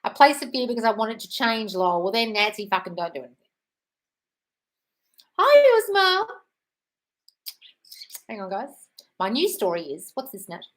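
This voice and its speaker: This is a woman's expressive, mid-range voice, recorded with poor audio quality. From her home, dog beside her, she hosts a casual live Q&A, reading out viewer questions and answering them swiftly, bluntly, and with plenty of swearing.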